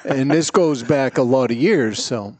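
A man's voice: mid-range voice, unhurried, a little mellow, no echo. A man co-hosting a casual podcast, asking playful questions. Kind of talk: casual chat.

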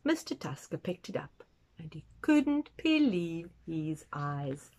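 Expressive woman reading a storybook aloud. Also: on the low side, slow pace. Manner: expressive, with asides to listeners. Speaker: storytime reader. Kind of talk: reading a picture book aloud to children.

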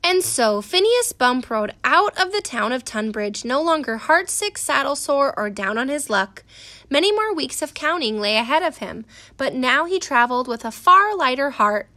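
A woman reading a storybook aloud with an expressive storytelling cadence. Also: sits high, moderate pace. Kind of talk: storybook read-aloud narration.

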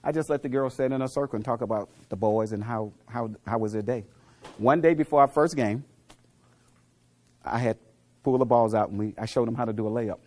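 A middle-aged man giving a motivational speech to a live audience, telling coaching stories and quizzing the crowd, dropping to low murmurs and then rising to loud punchlines. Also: fairly quick. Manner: preachy storyteller, asks the crowd questions, swings from low murmurs to loud punchlines. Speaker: motivational speaker.

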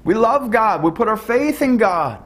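A man preaching an earnest sermon, often repeating himself, rising to emphatic stresses and dropping to low, quiet tones. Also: big pitch swings, normal speed.

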